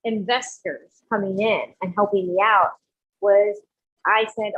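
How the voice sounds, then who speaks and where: A woman's voice: mid-range voice, moderate pace, husky. A woman, a guest on an interview podcast, telling her story and acting out the lines of the people in it. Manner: animated, acts out quoted dialogue. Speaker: guest entrepreneur. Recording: dull lo-fi audio.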